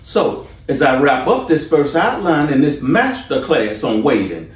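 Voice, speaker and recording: A man preaching a sermon as pastor, slow and deliberate with rising emphasis. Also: fairly high pitch, very animated, roomy sound, far from the mic.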